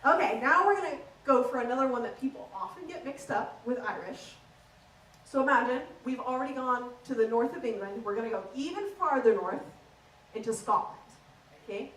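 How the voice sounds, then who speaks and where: A woman's voice: a little high, animated, a little fast, a bit bright, echoey room, a little hiss or hum. A young woman performing a stand-up comedy set on a theater stage, chatty and playful, heard from a distant mic.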